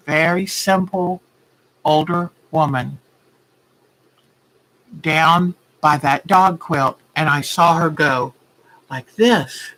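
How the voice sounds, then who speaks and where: A woman's voice: sits low, fairly bright tone, rough recording. A woman hosting a quilting livestream, telling a story in a heartfelt, earnest way. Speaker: quilting show host.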